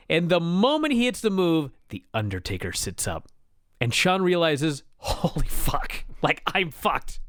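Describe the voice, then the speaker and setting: A man co-hosting a wrestling review show, retelling a match with excited, profane storytelling. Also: a little high, no echo, clean studio sound. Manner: animated storyteller, swears freely, laughs while telling. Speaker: wrestling podcast co-host. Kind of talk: excited casual review chat.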